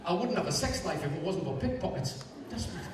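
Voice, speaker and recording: A Geordie stand-up comedian from Newcastle, England, performs a live set with a slightly high, animated voice, firing off quick one-liners and bantering with the audience. The mic is far from him in a big, echoing hall, with clear crowd noise all around.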